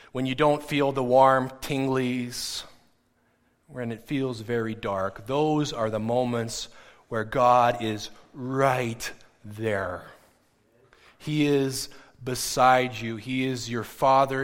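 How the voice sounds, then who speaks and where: A middle-aged pastor, medium in pitch, animatedly recounts a story in his sermon, performing the voices of those he quotes. The church setting gives the recording a long hall reverb.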